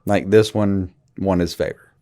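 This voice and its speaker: Deep, mellow-voiced podcast man. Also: fairly even intonation, unhurried. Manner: laid-back, short agreeing remarks. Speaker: podcast co-host. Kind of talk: casual chat.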